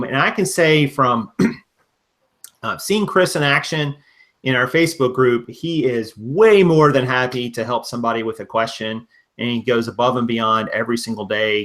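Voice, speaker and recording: A man's voice: mid-range voice, a bit bright. A man hosting a live-streamed interview, chatty and friendly, addressing his viewers directly.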